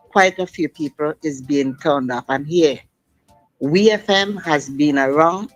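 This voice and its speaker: The audio is poor as a middle-aged woman, her voice sitting low, phones in to a radio show. She talks in long sentences full of emphasis and passion.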